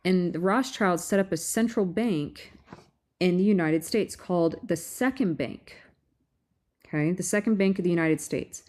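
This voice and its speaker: Woman, lower register, casual and animated presenter reading to a group. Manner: animated, rhetorical questions, frequent restarts. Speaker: presenter at a meeting.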